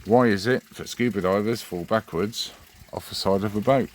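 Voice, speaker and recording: A man's voice: lowish voice, normal speed, a little hiss or hum. A man hosting his own channel, chatting in a rambling, friendly way. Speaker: channel host. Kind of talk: casual vlog address.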